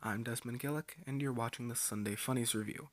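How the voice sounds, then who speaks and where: A man hosting a casual comic-strip review show, speaking in a dry, offhand way with frequent pauses. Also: medium pitch, no room sound.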